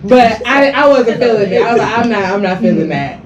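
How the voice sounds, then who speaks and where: A young woman co-hosting a podcast in casual chat, blunt, profane and teasing, quick to laugh. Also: a little high, expressive, muffled recording. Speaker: podcast co-host. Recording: far from the mic with crowd noise.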